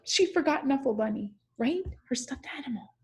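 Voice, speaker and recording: A woman's voice: high-pitched, animated, moderate pace, breathy edge. A young woman teacher reads a picture book aloud to children, chatting and asking them questions along the way.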